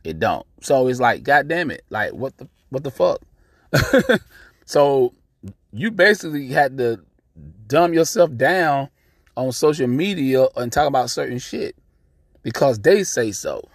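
A man's voice: mid-range voice, a little slow, long pauses, no echo. Blunt, profane man ranting, dry sound. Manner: blunt, profane, animated, repeats himself. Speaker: podcast host. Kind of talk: casual ranting monologue.

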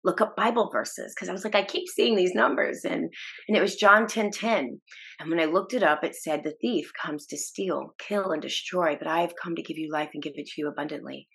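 A woman with a slightly low voice shares her personal faith story as a podcast guest. She speaks earnestly and emotionally, often restarting her sentences and breaking into small laughs. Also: brisk, vocal fry, fairly bright tone. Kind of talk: personal testimony in a podcast interview.

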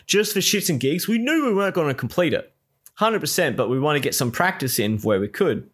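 A man's voice: on the high side, sing-song, fairly quick. A man co-hosting a casual chat, telling a rambling, exasperated story full of swearing.

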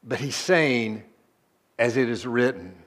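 A man preaching a sermon as a pastor. He swings between low, soft stretches and loud emphatic bursts, and keeps asking the congregation rhetorical questions. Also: takes it slowly.

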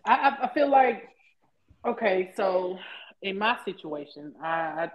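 A woman co-hosting a casual chat, telling stories in an animated, preachy way, full of slang and swearing. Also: mid-range voice, measured pace, dull audio.

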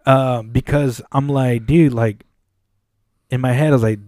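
A man's voice: medium pitch, unhurried, no room sound, studio quality. A man co-hosting a podcast who tells a work story in casual chat, acting out the quoted lines and swearing often. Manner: animated, acts out quoted dialogue, frequent swearing. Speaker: podcast co-host. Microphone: studio mic.

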